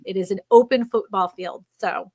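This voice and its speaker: A woman co-hosting a live stream, coaching real estate agents on YouTube in an energetic, encouraging way. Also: medium pitch, moderate pace, dry recording. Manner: energetic, encouraging, laughs often.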